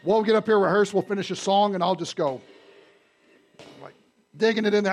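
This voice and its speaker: A man preaching a sermon to his congregation, conversational and animated, often asking the audience questions. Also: high-pitched, normal speed, vocal fry, long pauses, soft background music. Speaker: pastor. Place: church sanctuary.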